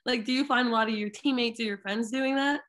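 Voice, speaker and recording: A woman's voice: on the high side, fairly even intonation, a bit bright. Chatty young woman podcast host. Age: young adult. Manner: chatty, full of fillers, quick. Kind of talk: casual podcast chat.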